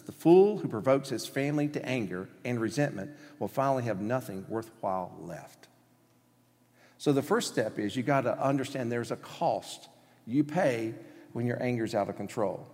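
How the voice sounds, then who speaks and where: A male pastor preaching with emphatic conviction, acting out the excuses people make and tossing questions to his congregation. His voice sits at an ordinary pitch and carries a long reverb from a church hall. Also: a little mellow. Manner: emphatic, acts out quotes, asks the congregation questions. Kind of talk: sermon.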